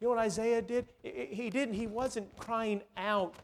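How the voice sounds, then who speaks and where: A middle-aged man preaching a sermon, telling stories and swinging between loud bursts and hushed, drawn-out lines. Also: very high-pitched, steady tone, slight background noise. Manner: storytelling, swings from loud to hushed, dramatic pauses.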